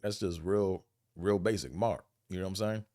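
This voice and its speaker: A man from Buffalo with a Buffalo accent, hosting a casual monologue vlog, rambling and animated, profane, often mimicking other people's accents. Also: deep voice, normal speed, no echo, clean studio sound. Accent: Buffalo, New York. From Buffalo, New York. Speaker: vlog host.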